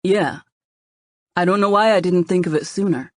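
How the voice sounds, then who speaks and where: A woman's voice: fairly low pitch, normal speed, darkish tone, no room sound, natural voice. A woman voicing a confident young man who jokes and teases playfully. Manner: teasing, playful.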